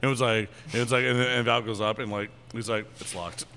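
Podcast guest, male, mid-pitched, rambling storyteller heavy on fillers. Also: steady tone, quick pace, pushed and bright. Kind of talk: casual storytelling.

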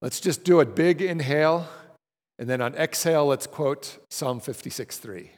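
A man's voice: a little high, moderate pace. A man leading a class through guided breathing exercises, talking conversationally and often checking in with his listeners. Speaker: class leader. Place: large room with a group. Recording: long hall reverb.

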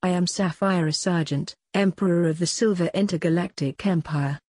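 A woman reading the part of an elderly male alien emperor in a storybook, in low, subdued tones. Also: normal speed, darkish tone, dry recording. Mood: formal. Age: older.

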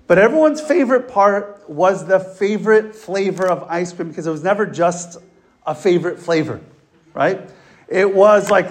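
A male priest giving a sermon, telling a story in an expressive, storytelling way. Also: sits high, slight background noise.

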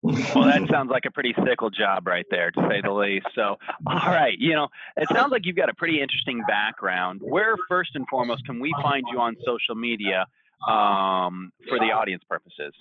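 A man co-hosting a business podcast, introducing a guest and asking questions in an energetic manner. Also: mid-range voice, moderate pace. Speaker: podcast co-host. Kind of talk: upbeat show hosting. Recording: dull lo-fi sound.

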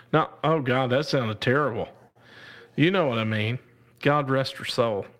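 A man with a drawl hosts a live stream in a relaxed, slow way. He chats casually, reads viewer comments aloud and laughs a lot, often calling out to God. His voice sits at a middle pitch. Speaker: live show host reading viewer comments.

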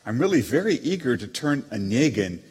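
An actor reading letters as a proud, witty émigré novelist, with a haughty, dryly teasing manner. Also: male voice, mid-range voice, very animated, brisk, darkish tone, slightly rough. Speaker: letter reader. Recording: long hall reverb.

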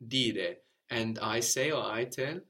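A man's voice: mid-range voice, takes it slowly, bright, forceful tone. Patient man teaching a language lesson. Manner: patient, prompting questions and repeating answers.

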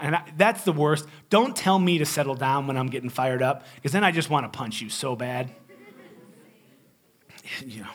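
A male pastor preaching in a conversational storytelling style, animated and joking, with emphatic swings between loud and quiet. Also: fairly high pitch, unhurried, husky. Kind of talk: storytelling sermon.

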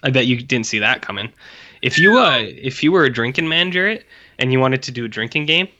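Man, podcast co-host, bright tense voice, rambling and profane, somewhat dull lo-fi sound. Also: mid-range voice, expressive, a little fast. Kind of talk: casual chat.

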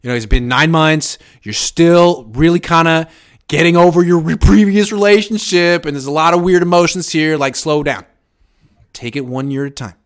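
A man hosting a casual live sports chat, reading viewer comments and giving sarcastic, animated takes. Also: moderate pace, clear, resonant tone. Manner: animated, sarcastic, jumps up in pitch for emphasis.

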